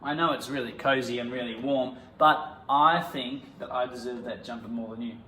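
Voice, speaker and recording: Acting teacher with echo. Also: male voice, medium pitch, steady tone, moderate pace. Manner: bursts into loud indignant outbursts during scenes. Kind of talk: acting lesson with improvised scenes. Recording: echoey room.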